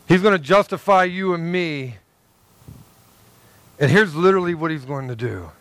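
A man's voice: fairly high pitch, animated, normal speed, long pauses, a bit bright, no echo. A man preaching a sermon in an earnest, conversational way, repeating phrases for emphasis. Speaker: pastor.

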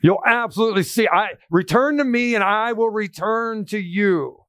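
A man with a high, bright voice preaches with emphatic, animated delivery. His voice is captured close and dry, with almost no room sound around it. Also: moderate pace, no echo. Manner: emphatic preaching, quoting scripture in a raised voice. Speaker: pastor. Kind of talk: sermon.

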